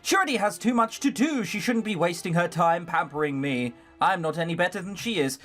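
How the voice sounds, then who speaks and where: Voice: mid-range voice, expressive, fairly quick, a bit bright, faint music behind, natural voice. A streamer voicing a sardonic poor young girl. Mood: earnest. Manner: sarcastic, flippant. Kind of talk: reading a visual novel aloud.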